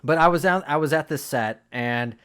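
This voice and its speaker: A man hosting a casual interview, telling a story in a chatty, animated way. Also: a little high, normal speed, clear, resonant tone. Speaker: host.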